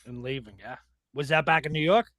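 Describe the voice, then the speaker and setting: A man with a Boston accent hosts a podcast interview, his voice sitting a little high for a man. He talks in an upbeat, emphatic, punchy way. The sound is dry and close, with little room around it. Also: brisk, fairly bright tone, dry recording. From Dorchester, Massachusetts. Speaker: podcast host.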